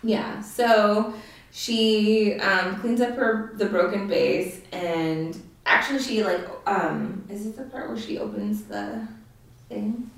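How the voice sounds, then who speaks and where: A woman's voice: mid-range voice, slow, recorded from a distance. A woman chatting casually with a co-host about a horror film, laughing and filling her talk with likes and ums. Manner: chatty, laughing, many fillers and acted-out quotes. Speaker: podcast co-host. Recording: very echoey room, off mic.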